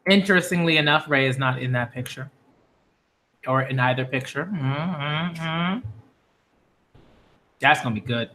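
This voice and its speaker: A man giving live reaction commentary as a manga critic, excitable and slangy, gushing over what he reads. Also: fairly high pitch, a little slow, pauses often.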